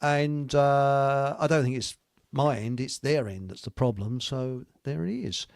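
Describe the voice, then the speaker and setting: A man's voice: medium pitch, measured pace, gravelly, dry recording, clean studio sound. An older man hosting a live talk show, telling rambling jokes and stories and chuckling at his own punchlines. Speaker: host. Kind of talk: casual chat on a live internet talk show.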